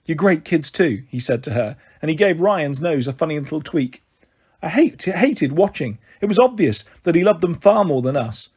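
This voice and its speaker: Husky man reading a children's story. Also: on the high side, normal speed. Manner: expressive first-person narration. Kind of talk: reading a children's novel aloud.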